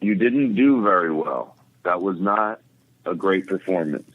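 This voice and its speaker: A man's voice: sits low, lively intonation, measured pace. A man putting on a blunt, matter-of-fact comedy club owner, over a tinny phone line.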